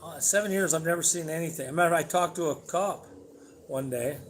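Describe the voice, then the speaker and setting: Man hosting a home livestream, a touch high-pitched, blunt and rambling, swears casually. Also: quick pace, slight background noise. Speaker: livestream host.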